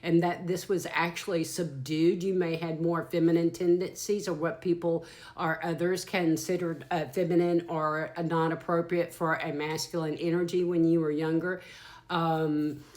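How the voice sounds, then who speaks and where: Low-voiced woman giving a tarot reading. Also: little pitch movement, normal speed, darkish tone. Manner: chatty and earthy, swears freely, calls listeners y'all and darling. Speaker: tarot reader. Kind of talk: casual channeled tarot reading.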